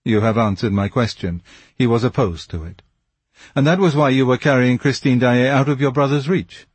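A man voicing a self-satisfied police commissary who questions briskly and pointedly. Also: mid-range voice, breathy edge, no echo, close to an everyday voice.

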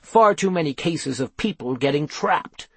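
A man voicing an excitable, curious investigator who talks eagerly. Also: fairly high pitch, slightly rough, no echo. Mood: excited. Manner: eager, brisk.

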